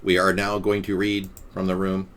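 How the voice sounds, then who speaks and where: A man's voice: sits low, completely flat delivery, moderate pace, a bit bright. A young man hosting a live stream, loosely chatting with many fillers and reading an article aloud.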